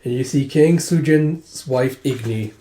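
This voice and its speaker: A man's voice: medium pitch, measured pace, dark tone. A young man casually retelling a manga chapter, his throat sore and strained. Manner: casual, filler-heavy retelling. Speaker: manga reader, video host. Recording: roomy echo.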